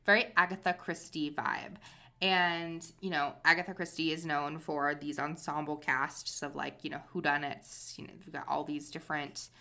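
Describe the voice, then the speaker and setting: Young woman podcast co-host, chatty and rambling, bright tone, slightly low pitch. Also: flat delivery, moderate pace. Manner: chatty, tangent-prone, lots of fillers. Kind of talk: casual chat.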